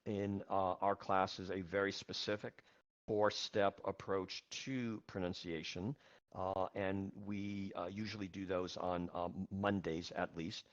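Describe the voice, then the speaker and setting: A man teaching an English class online, speaking in a patient, measured way with frequent fillers. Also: low voice, level tone, lo-fi sound.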